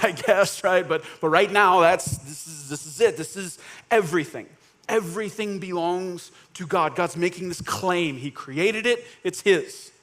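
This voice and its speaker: A man a little higher in pitch than most, preaching a sermon in a casual, joking way. His energy jumps from lively, raised passages to hushed, dropped-down emphasis, and he keeps asking "right?" as he goes. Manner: swings between animated bursts and quiet, low emphasis. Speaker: pastor. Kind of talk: conversational sermon.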